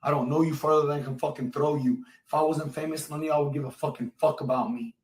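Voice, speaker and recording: A man's voice: a little high, steady tone, quick pace, a little mellow, recorded from a distance. A man live streaming from a hotel room, talking in brash, profane rants to his chat and to an emergency dispatcher. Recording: roomy sound, away from the mic.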